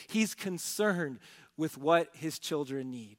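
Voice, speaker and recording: A high-pitched man preaching a sermon, pressing his points with rhetorical questions and swinging from loud bursts to quiet asides. His voice carries a long reverb from a large church sanctuary. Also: lively intonation, measured pace. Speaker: pastor.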